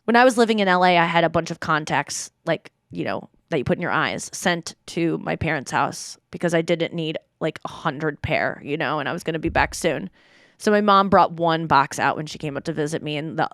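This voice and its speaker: A woman's voice: low voice, brisk, no room sound, studio quality. A woman in her thirties hosting a podcast in casual chat, telling stories and reading texts aloud with frequent giggles. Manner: giggly, animated storytelling, reads texts aloud. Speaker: podcast host.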